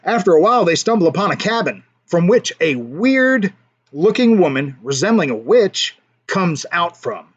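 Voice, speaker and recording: A man's voice: high voice, big pitch swings, moderate pace, slightly rough, highs cut off. A man hosting a casual livestream, telling a joke and chatting with viewers in a playful way, chuckling at his own jokes. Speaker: livestream host.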